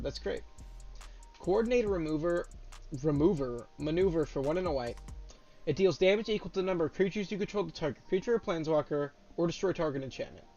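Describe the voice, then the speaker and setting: A young man in casual chat, reading out new trading card spoilers and reacting with loud, swearing excitement. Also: on the high side. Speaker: card game content creator.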